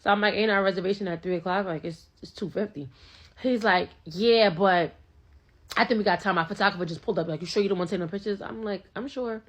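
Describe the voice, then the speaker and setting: A woman's voice: medium pitch, fast talker. A young woman casually telling a first-date story, full of fillers and quoted back-and-forth. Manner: chatty, filler-heavy retelling with quoted dialogue.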